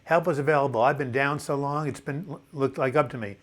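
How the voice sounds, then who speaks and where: A man's voice: mid-range voice, fairly even intonation, quick pace. Older male host, seventies, chatty and upbeat, reads comments aloud, stumbles and restarts words. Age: 70s. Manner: chatty, enthusiastic, repeats words when restarting. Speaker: live chat host. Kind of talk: casual live chat reading viewer comments.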